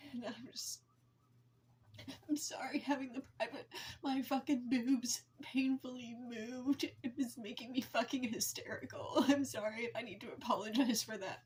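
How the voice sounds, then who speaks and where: A woman in her forties speaks straight to camera, venting in a raw, halting way, swearing hard and breaking off mid-thought. Her voice sits a little high for a woman. A faint hiss of noise runs underneath. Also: fairly even intonation, a little mellow. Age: 40s. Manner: blunt and heavily profane, halting and emotional. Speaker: vlogger.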